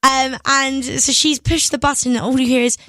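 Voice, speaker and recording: A young woman, a singer, telling stories in an excitable, giggly way as a radio guest. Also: high voice, normal speed, dry recording. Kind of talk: casual interview chat. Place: radio studio.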